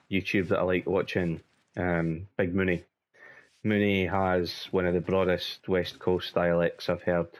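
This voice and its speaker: Deep-voiced Scottish game commentator. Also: male voice. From Scotland. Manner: chatty, rambling asides. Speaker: let's play host.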